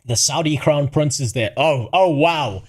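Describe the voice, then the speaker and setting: A man's voice: a little high, measured pace, husky. A man from Africa, doing crude, profane livestream commentary and laughing at his own jokes. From South Africa.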